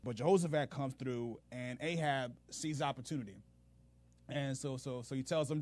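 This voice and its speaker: A man hosting a faith podcast, retelling scripture in an animated, humorous way with casual slang. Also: mid-range voice, moderate pace, no room sound. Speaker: podcast host, Bible teacher. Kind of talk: casual Bible teaching.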